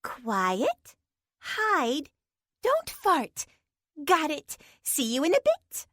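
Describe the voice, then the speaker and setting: A woman's voice: high-pitched, wildly swooping pitch, very slow, fairly bright tone, no room sound, studio quality, voice pushed up, full character voice. A woman doing a chirpy cheeky pixie girl. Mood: perky. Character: cheeky, blunt young female pixie.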